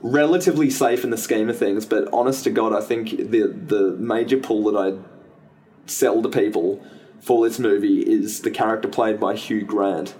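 A man's voice: fairly low pitch, fairly even intonation, normal speed, warm tone. A man co-hosting a podcast, chatting casually about a film and rambling with many restarts and self-corrections. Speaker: podcast co-host. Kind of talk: casual film review chat.

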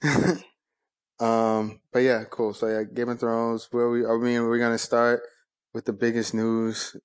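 A man's voice: mid-range voice, monotone, measured pace, clean tone. A man co-hosting a podcast, chatting in a loose, laid-back way and laughing often. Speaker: podcast co-host. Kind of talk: casual chat.

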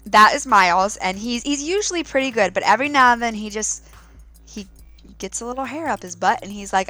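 A woman in her thirties, a podcast co-host, chatting casually and telling stories with lively laughs. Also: medium pitch, fast, faint music behind. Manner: animated storytelling with laughs. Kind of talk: casual chat.

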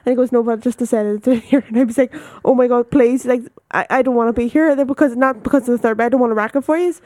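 High, quick Northern Irish woman. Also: steady tone, warm tone, no echo, clean studio sound. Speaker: podcast co-host. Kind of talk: casual chat.

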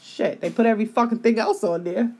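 A woman's voice: on the high side, a little fast, a little mellow, slightly rough. A woman hosting a live podcast, venting her opinions bluntly and with a lot of profanity. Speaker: podcast host.

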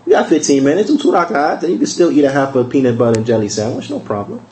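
A man giving a recorded religious lesson in a conversational way. He repeats key phrases, asks rhetorical questions, and slows down to spell out verses. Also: medium pitch, sing-song, darkish tone, rough recording. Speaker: religious teacher.

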